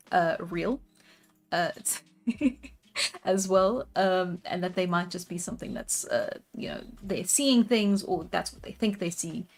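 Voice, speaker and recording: A young woman from South Africa chatting casually on a live stream while she draws, relaxed and quick to laugh, with plenty of fillers. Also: fairly low pitch. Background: soft background music.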